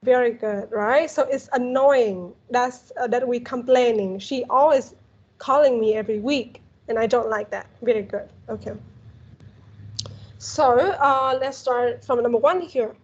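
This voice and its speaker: Vietnamese lady teaching english over a video call, patient, kinda husky, muffled sound. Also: on the high side, unhurried. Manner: encouraging, patient, frequent "very good". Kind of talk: one-on-one English lesson.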